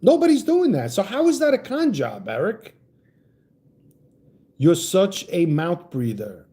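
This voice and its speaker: A man's voice: high voice, sing-song, a little slow, warm tone. A man hosting a livestream, ranting heatedly about politics and greeting chat viewers with profane, stammering restarts. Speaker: livestream host reading chat.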